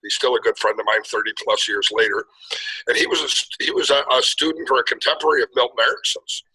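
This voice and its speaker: A man's voice: medium pitch, fairly even intonation, quick pace, sharp tone, slightly rough, rough recording. A middle-aged man, a hypnotherapist talking fluently in a casual interview, with some restarts. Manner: fluent storyteller with frequent restarts. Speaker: guest hypnotherapist.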